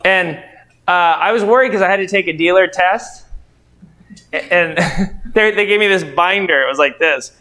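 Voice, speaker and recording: His voice sits high and sounds pushed and bright at a normal speed. He's a middle-aged real estate investor and trainer, spinning loose, meandering stories with lots of quoted dialogue for a training group.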